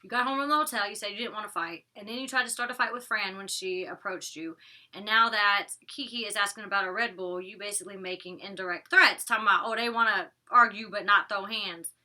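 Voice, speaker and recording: This reality TV reviewer delivers an opinionated, no-holds-barred episode recap, cursing liberally in a casual way. She speaks quickly in a mid-range voice with a sharp tone.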